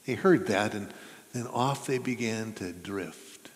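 A man with a lowish voice preaches at a slow pace, serving as pastor in a church sanctuary. Earnest yet conversational, he asks his listeners questions. The recording has the reverberance of a church hall.

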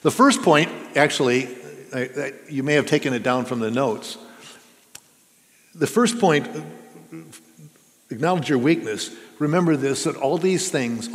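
A man preaching a sermon as pastor, earnest and conversational, asking his listeners questions. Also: mid-range voice. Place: church sanctuary. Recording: reverberant church hall.

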